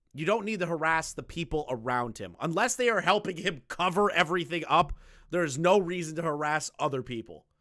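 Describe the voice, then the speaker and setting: A young man giving casual reaction commentary, rambling and repeating himself, swinging from loud remarks to low muttering. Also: dry recording, clean studio sound. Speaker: commentary streamer.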